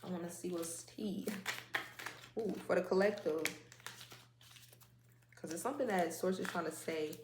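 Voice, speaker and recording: A woman with a lowish voice gives a casual oracle card reading, rambling and conversational, full of fillers and side remarks. Her voice sounds roomy and echoey, with faint noise behind. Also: normal speed, long pauses.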